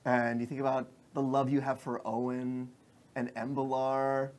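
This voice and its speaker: A man's voice: mid-range voice, completely flat delivery, normal speed, a little mellow. A man narrating as game master of a tabletop role-playing game, rambling with many fillers.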